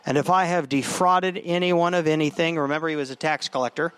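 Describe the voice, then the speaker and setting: A man's voice: on the high side, steady tone, a little fast, clean tone, no room sound. Conversational male pastor, dry sound. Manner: conversational preaching with frequent restarts. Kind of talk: sermon.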